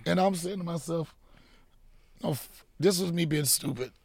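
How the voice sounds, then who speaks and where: A middle-aged man, a comedian guest, telling profane, animated stories in casual chat and acting out quotes. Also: on the high side, normal speed, gravelly.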